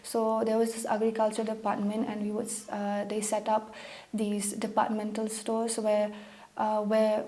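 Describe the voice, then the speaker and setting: A young woman from Meghalaya, India, a pageant contestant telling personal stories in an interview, emotional and animated, acting out what people said. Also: medium pitch, moderate pace. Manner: emotional, animated storytelling with acted-out quotes. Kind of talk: conversational interview, personal storytelling.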